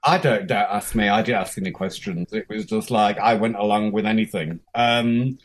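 Speaking at a moderate pace in a lowish, steady voice, this English guest in his fifties shares candid tales about his own life. He doesn't hold back on swearing, and he voices the quotes of the characters as he goes.

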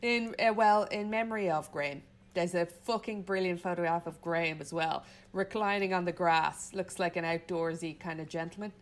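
A woman's voice: lowish voice, steady tone, moderate pace, hardly any pauses. Sweary woman telling a story. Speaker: podcast co-host. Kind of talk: casual storytelling chat.

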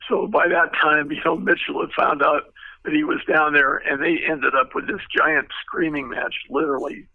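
A man's voice: a little high, steady tone, moderate pace, gravelly, no echo. An older man, a retired car designer, telling stories in a rambling way with many fillers and restarts. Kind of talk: anecdotal storytelling. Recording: tinny phone-like line, dry.

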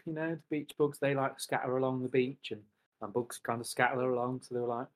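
A man's voice: medium pitch, steady tone, quick pace. A man who is a regular on an improv podcast, improvising playful explanations in casual chat.

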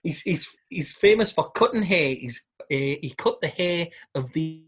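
A man's voice: fairly high pitch, expressive, unhurried, slightly rough. A man, co-hosting a podcast in casual chat, telling stories and laughing often. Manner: laughs often, jokey storytelling. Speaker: podcast co-host.

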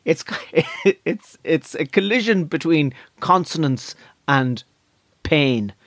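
A man's voice: on the high side, lively intonation, slow, fairly bright tone, no room sound, studio quality, full character voice. A man putting on a strained, overheated Australian man. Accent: Australian (put on). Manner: strained, near screaming.

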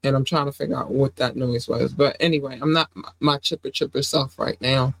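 A woman's voice: very deep voice, steady tone, brisk. A woman hosting a casual podcast while sick with a sore throat and runny nose, talking emphatically and repeating phrases for effect. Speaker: podcast host.

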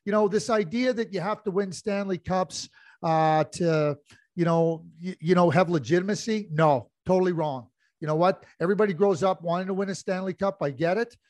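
A man's voice: high-pitched, darkish tone, no echo. A middle-aged man co-hosting a casual hockey podcast, rambling with many restarts as he tells anecdotes. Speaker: podcast co-host.

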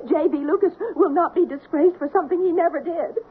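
A woman's voice: extremely high pitch, animated, normal speed. An actress playing an upset widow defending her late husband in a 1970s radio drama. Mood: distraught. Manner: upset, insistent, apologetic. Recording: narrow, phone-like old radio broadcast.

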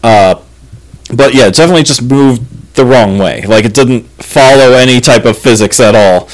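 A man's voice: medium pitch, moderate pace, low-quality recording. A man co-hosting a podcast, casually telling a story about events in his house with plenty of "like" and "yeah" fillers. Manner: relaxed, retelling with many "like" and "yeah" fillers. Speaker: podcast co-host.

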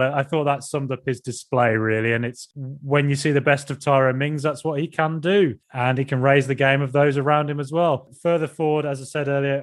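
Jokey male football co-host. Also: mid-range voice. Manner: jokey, rambling, hesitant fillers. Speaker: podcast co-host. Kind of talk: casual football chat.

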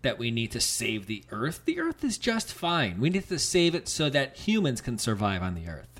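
A man's voice: mid-range voice, huge pitch swings, normal speed, fairly bright tone. A man co-hosting a podcast, chatting casually and jokingly, reading listener reviews aloud. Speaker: podcast co-host. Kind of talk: casual chat.

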